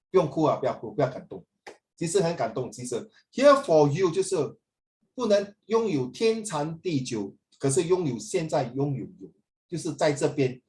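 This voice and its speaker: Animated Singaporean male teacher. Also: fairly high pitch. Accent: Singaporean English. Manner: animated, mixes English and Mandarin, coaxing and emotional. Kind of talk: classroom teaching. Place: classroom.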